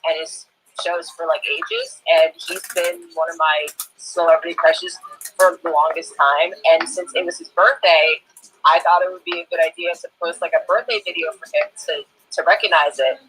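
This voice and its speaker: A young woman, a guest in a casual chat, talking in an excitable, gushing way. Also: lowish voice, normal speed, slight background noise, low-quality recording. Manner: excitable, gushing, many "like" fillers.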